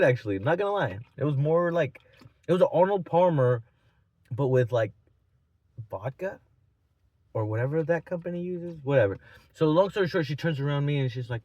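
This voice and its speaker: A man's voice: on the high side, lively intonation, brisk, darkish tone, no echo. A man in his twenties telling a rambling, profane, mocking story in a casual vlog. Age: 20s. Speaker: vlogger.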